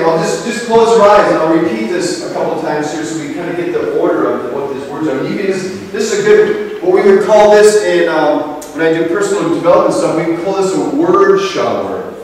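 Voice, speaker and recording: A man leading a group through a guided healing meditation, speaking gently and slowly, heard from a distance in a large room. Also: on the high side, animated, a little hiss or hum. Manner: gentle, slow, repetitive guidance. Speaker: ceremony leader. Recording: echoey hall, recorded from far off.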